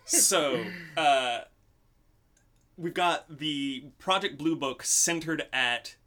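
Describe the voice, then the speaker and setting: Podcast host, male, bright, a little high, meandering storyteller with frequent fillers. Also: drawn-out words. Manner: rambling storyteller with many ums. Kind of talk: casual podcast chat.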